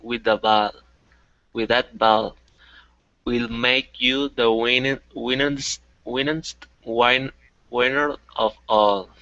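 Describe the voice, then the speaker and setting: A man learning reads a rhyme aloud very slowly and haltingly, repeating words until they come out right. His voice is bright and close. The sound is dry and muffled. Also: medium pitch, steady tone, dry recording. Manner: slow, halting reading with repetitions. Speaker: student. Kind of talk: reading aloud in a language class.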